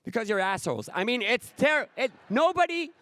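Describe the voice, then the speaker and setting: Animated Israeli man doing stand-up. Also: extremely high pitch, a little fast, no echo. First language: Hebrew. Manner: animated, acts out scenes, exasperated outbursts. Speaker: comedian speaking at a conference. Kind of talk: stand-up comedy speech.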